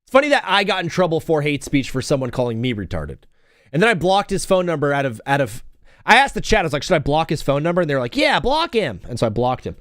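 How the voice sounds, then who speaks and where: A young man hosts a casual live sports stream, rambling through jokes and calling plays as they happen. His voice sits a little high and swings around a lot. The sound is dry and close, with no room in it. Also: sing-song, quick pace, fairly bright tone, dry recording. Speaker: livestream sports host.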